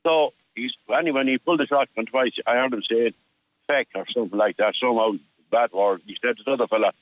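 A man's voice: medium pitch, no echo. An older Irish man tells a long story down a phone line that sounds thin and tinny. He restarts his sentences often, and he slips into the voices of the people he quotes. The sound is dry and close. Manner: halting storyteller with many restarts, acting out dialogue. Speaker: caller. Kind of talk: telling a personal story on a radio phone-in.

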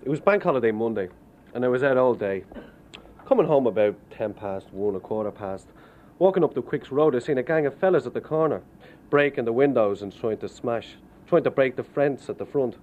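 A man's voice: medium pitch, expressive, brisk, narrow, tinny audio, slight background noise. Wry Irishman telling hard stories. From Ireland. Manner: plain, wry storytelling with local turns of phrase. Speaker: immigrant worker. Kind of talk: storytelling testimony.

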